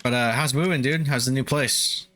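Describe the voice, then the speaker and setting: A man's voice: medium pitch, moderate pace, fairly bright tone, soft background music. A young man streaming a game, chatting casually with viewers, laid-back, swearing and laughing often. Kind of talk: casual gameplay chat with viewers.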